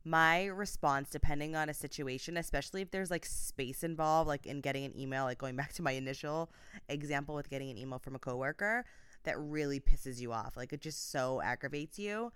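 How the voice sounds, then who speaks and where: A woman's voice: low-pitched, brisk, a bit bright, clean tone, no room sound, clean studio sound. A woman in her thirties hosting her own podcast, talking casually and upbeat with lots of fillers. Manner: chatty and upbeat, many "like" fillers. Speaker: podcast host, life coach. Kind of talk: casual solo podcast talk.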